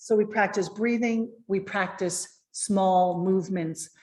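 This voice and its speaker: Lively woman coaching on a video call. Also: medium pitch, slow pace, reverberant. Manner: lively, encouraging, addresses viewers directly. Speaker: presentation coach.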